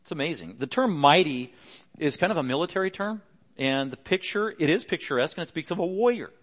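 A middle-aged male pastor preaching a sermon earnestly, pressing harder and louder on key points. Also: fairly high pitch, animated, fairly quick.

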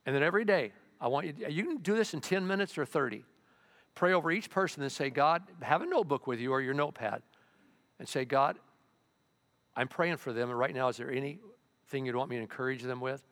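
An older man preaching a sermon as pastor, in a conversational way with sudden loud, excited bursts. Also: medium pitch.

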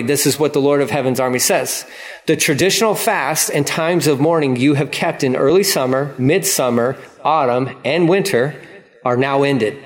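Male pastor, conversational sermon delivery, mid-pitched voice. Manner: lively preaching, acts out God's voice in paraphrase.

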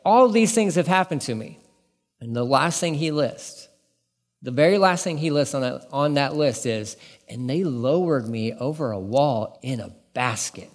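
A man preaching a casual sermon as a pastor, animated and conversational, acting out bits of dialogue as he teaches. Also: medium pitch, a little slow. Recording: long reverb in a large room.

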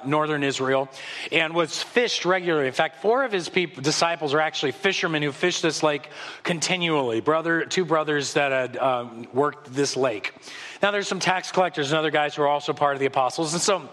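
High, bright-voiced pastor preaching in a hall. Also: male voice. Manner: animated storytelling, acts out voices. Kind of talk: sermon. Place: church sanctuary. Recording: long hall reverb.

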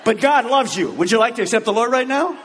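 A man acting out a pushy, preachy neighbor who hard-sells faith in a rushed, loud voice. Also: extremely high pitch, expressive, big-room sound, slight background noise, voice pushed up. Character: pushy preachy male neighbor, hellfire zealot.

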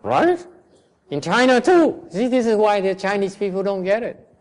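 A man's voice: high voice, sing-song, moderate pace. A man whose first language is Vietnamese, teaching a class in a blunt, questioning way. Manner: blunt, questioning, switches between English and Vietnamese. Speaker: Buddhist teacher.

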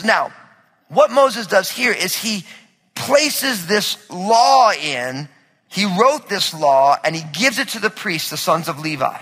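A man's voice: high voice, animated, slow pace, sharp tone, husky. Man preaching in a reverberant hall. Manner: conversational, asks the audience questions. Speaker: pastor. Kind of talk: sermon.

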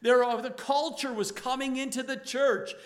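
A male pastor preaching a sermon to his congregation, emphatic and rising to loud exhortation. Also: very high voice, steady tone, moderate pace.

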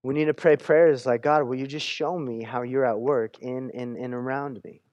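A man's voice: mid-range voice, moderate pace, dry recording, lo-fi sound. Conversational man preaching in a dry room. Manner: conversational, repeats words when restarting, quotes scripture with animated voices. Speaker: pastor. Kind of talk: sermon.

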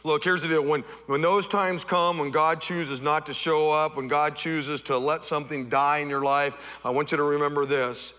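A middle-aged male pastor preaching a sermon, swinging from loud, high-pitched repeated refrains down to soft, low tones. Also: steady tone, moderate pace, hardly any pauses, long reverb tail.

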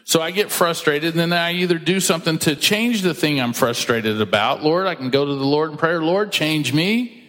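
A man preaches in a sermon, emphatic and direct, slipping into quoted voices to make his points. His voice sits fairly high. It rings with the long reverb of a church hall. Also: fairly quick, few pauses, fairly bright tone. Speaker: pastor.

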